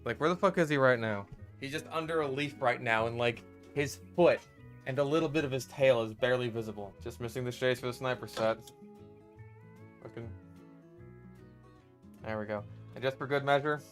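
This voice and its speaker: A man casually commentating his own gameplay, swearing freely and breaking into loud exasperated yelling. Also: mid-range voice, moderate pace, long pauses, soft background music. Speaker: gaming video creator.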